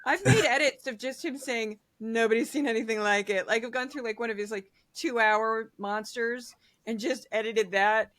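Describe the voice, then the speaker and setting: A high-pitched woman in casual conversation about politics. She talks in an animated way, slips into mocking voices when she quotes someone, and laughs often. She sounds middle-aged. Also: normal speed, hardly any pauses. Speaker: political commentator, guest.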